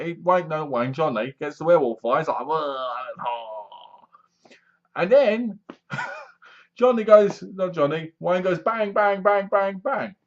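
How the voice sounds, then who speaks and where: A man's voice: on the high side, muffled recording. A man reviewing a horror film, retelling the plot with acted-out reactions and sound effects. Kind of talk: casual film review monologue.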